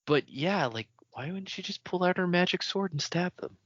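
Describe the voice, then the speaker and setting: A man co-hosting a casual book discussion, excitable, stumbling over restarts and laughing often. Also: high voice, moderate pace, dry recording. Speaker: podcast co-host. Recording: dull lo-fi audio.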